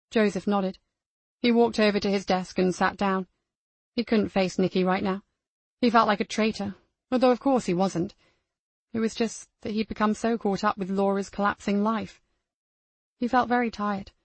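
A woman reading a crime novel aloud as the narrator, in a measured storytelling manner. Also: mid-range voice, fairly even intonation, dry recording. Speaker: audiobook narrator. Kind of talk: scripted narration.

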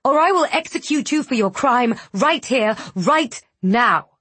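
A woman's voice: fairly high pitch, animated, moderate pace, a bit bright, breathy edge, no echo, pitched above the performer's own voice. A woman narrator voicing a furious, vengeful young female wind sorceress who snaps in a raised voice. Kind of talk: audiobook character voice.

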